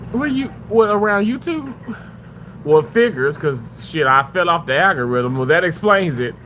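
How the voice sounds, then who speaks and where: Guy streamer reading chat, high voice, swings up and down a lot, gets loud and yells at people. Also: moderate pace, a little hiss or hum. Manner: excitable, yelling and pleading at chatters.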